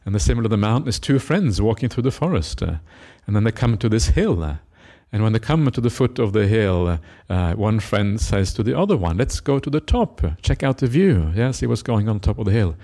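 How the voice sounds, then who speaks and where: A monk giving a Buddhist dharma talk, retelling a scripture story with many "uh" fillers and acted-out quotes. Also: male voice, on the low side, very animated, a little fast, few pauses, mellow.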